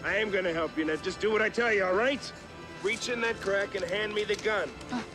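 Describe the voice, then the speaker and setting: A man's voice: sits high, fairly quick, over music, lightly acted. An actor playing a ruthless male fugitive who gives clipped, commanding orders, recorded as a film soundtrack. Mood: urgent. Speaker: villain posing as a hiking client. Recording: film soundtrack with loud score.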